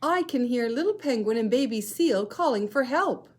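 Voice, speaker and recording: A woman voicing a kind grown-up mother polar bear in a storybook reading, calm and reassuring. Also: a little high, normal speed, pitched above the performer's own voice.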